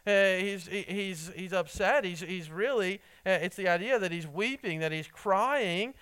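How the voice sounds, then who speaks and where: A man preaching an earnest sermon, halting often with restarts and fillers as he reads and explains scripture. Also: sits high, fairly bright tone, clean tone. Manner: reads scripture and quotes aloud. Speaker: pastor.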